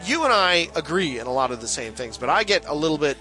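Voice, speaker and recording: A man with a bright, somewhat high voice chatting loosely on a podcast. He rambles, restarts his sentences and laughs often, with faint music behind him. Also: big pitch swings, fast talker, poor audio. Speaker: podcast co-host. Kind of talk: casual chat, reading a listener's letter aloud.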